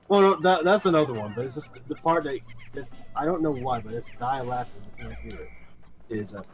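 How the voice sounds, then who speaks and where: A man's voice: mid-range voice, fairly quick. A man chatting casually during a game stream, hesitant and full of fillers. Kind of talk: casual chat.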